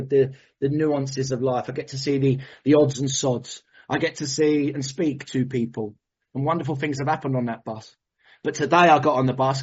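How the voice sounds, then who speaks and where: A man telling a personal recovery story at a meeting, animated and swearing, with vivid storytelling and emotional emphasis. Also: medium pitch, husky, dull audio. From England.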